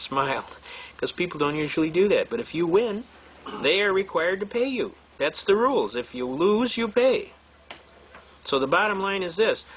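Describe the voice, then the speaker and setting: A man's voice: a little high, slight background noise. Folksy, blunt man teaching a seminar. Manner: folksy, blunt and animated, acting out quoted voices. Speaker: seminar instructor. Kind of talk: lecture told through courtroom anecdotes.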